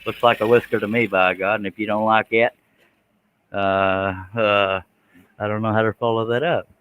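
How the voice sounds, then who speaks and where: A man's voice: on the low side, steady tone, normal speed, fairly bright tone, clear, resonant tone, dry recording, rough recording. A man, chatting casually with viewers while he works a scroll saw on a livestream. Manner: folksy, chatty, reads out viewer comments.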